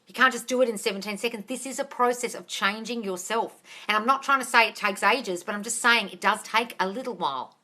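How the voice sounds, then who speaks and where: A woman's voice: mid-range voice, a little fast, hardly any pauses, bright, forceful tone. A woman coaching viewers on a live stream, reading their comments aloud, calling them darling, and swearing freely as she gives blunt advice. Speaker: manifestation coach answering live questions. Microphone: phone or webcam on a live stream.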